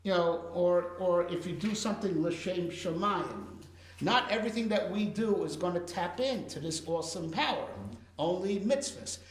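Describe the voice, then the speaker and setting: High-voiced rabbi teaching in an echoey room. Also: male voice, normal speed. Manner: animated, explains with rhetorical questions and fillers. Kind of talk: Torah class lecture.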